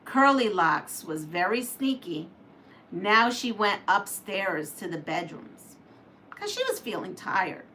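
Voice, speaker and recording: Slow, animated woman telling a story. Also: medium pitch, a little hiss or hum. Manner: animated, laughs while reading. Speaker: quilting channel host. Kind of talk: reading a story on a livestream.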